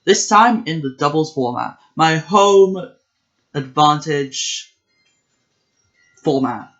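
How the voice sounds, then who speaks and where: Man, casual video host, somewhat high voice, chatty, lots of fillers, muffled lo-fi sound. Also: animated, takes it slowly, fairly bright tone. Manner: chatty and self-correcting, with many fillers. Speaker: competitive video game player and channel host. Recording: dull lo-fi recording.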